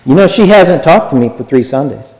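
Male preacher, earnest exhorting sermon, slightly high voice, long hall reverb. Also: expressive, a little fast, darkish tone. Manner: earnest and exhortative, with repeated phrases.

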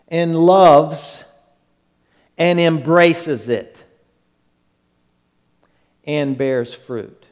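Male pastor, high voice, slow emphatic sermon delivery, long hall reverb. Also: darkish tone. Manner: slow, emphatic preaching with quick acted asides.

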